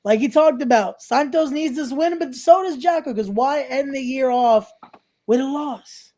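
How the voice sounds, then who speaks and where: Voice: high voice, moderate pace, mellow. A podcast host from New York, chatting casually, rambling and plugging an upcoming event between laughs. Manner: rambling, promotional, laughs often.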